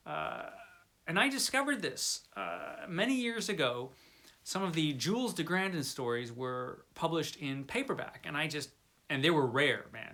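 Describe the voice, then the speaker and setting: Man, middle pitch, bright tone, rambling casual video chat with wry asides. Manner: chatty, rambling, frequent fillers and restarts; wry, enthusiastic about pulp fiction. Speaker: book reviewer.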